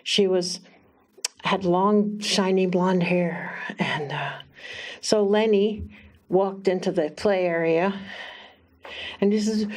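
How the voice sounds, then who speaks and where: A woman minister telling a personal story in a halting, chatty way, often laughing and animating her quotes. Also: fairly low pitch. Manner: lively quoted voices.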